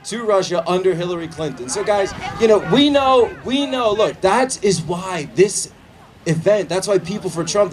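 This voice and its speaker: A man giving a political rally speech outdoors, shouting to a crowd and leading chants. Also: high voice, lively intonation, moderate pace, far from the mic. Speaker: rally speaker. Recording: loud crowd and outdoor noise. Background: cheering crowd.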